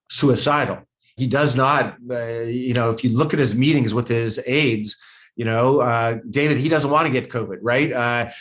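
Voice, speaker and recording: A man's voice: mid-range voice, fairly bright tone. An older man from the United States, a former ambassador answering interview questions in an earnest, conversational way, often restarting words and using fillers. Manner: earnest, repeats words, many "you know" and "uh" fillers.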